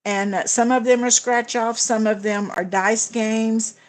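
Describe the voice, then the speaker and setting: Her voice on the high side, this budgeting channel host speaks unhurriedly with fairly even intonation. On her livestream she chats casually, responds to viewers' comments, and often uses fillers and restarts.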